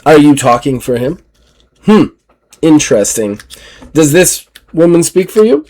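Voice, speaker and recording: A man voicing a stern, pious male officer and villain in a tabletop game, speaking low, slow and grave. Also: very animated, darkish tone. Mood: suspicious.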